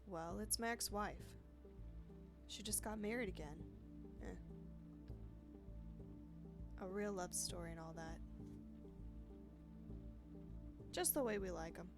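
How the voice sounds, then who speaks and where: A woman's voice: medium pitch, unhurried, pauses often, lightly acted. A woman doing an edgy homeless man. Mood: wry. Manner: quiet, slightly on edge. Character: jittery homeless middle-aged man, friendly. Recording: game music in background.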